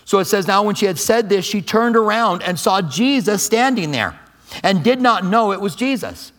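Animated storytelling male pastor. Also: high-pitched, moderate pace. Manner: storytelling, wide swings from loud animated to hushed. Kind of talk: sermon.

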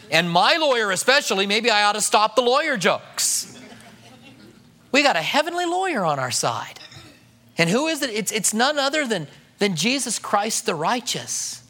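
Delivering a sermon in a chatty style, a middle-aged pastor speaks in a high, bright, pushed voice and performs the voices of those he quotes.

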